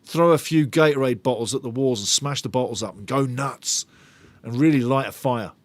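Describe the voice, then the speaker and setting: Here a middle-aged fan channel host runs a live football watch-along, speaking at medium pitch and a moderate pace on a dry recording. Reading viewer comments aloud, he banters with a sarcastic, joking edge amid stream chat and match talk.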